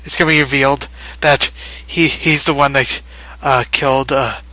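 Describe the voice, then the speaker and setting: A man's voice: mid-range voice, steady tone, moderate pace, bright, forceful tone, no echo, poor audio. A man chatting casually as a co-host, joking and laughing often. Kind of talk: casual chat.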